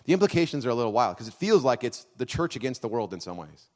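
A male pastor delivers a sermon, surging into loud, lifted emphasis and then dropping to hushed, low-voiced reflection. His pitch sits in an ordinary middle range for a man. He speaks from a church. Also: sing-song, fast talker. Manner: swings from loud, high emphatic bursts to quiet, low intimate asides. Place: church hall.

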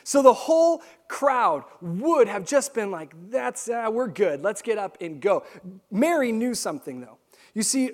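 A young man preaching a sermon, telling a lively story and acting out the quotes. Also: high-pitched. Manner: animated storytelling with acted-out quotes. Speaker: pastor.

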